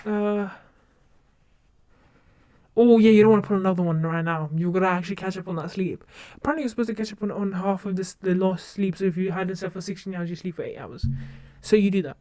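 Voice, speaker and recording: A young woman streamer in casual live-stream chat, talking quickly and rambling, with lots of fillers and restarts. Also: medium pitch, dark tone, no room sound. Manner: rambling, fast and talkative with many fillers. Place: home streaming setup.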